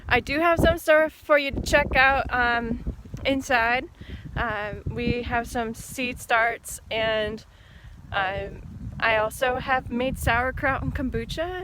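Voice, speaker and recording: A woman vlogging casually at home, chatty and relaxed, laughing often between remarks. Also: fairly high pitch, noisy background. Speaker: homesteading vlogger. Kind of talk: casual chat to camera. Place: home kitchen indoors.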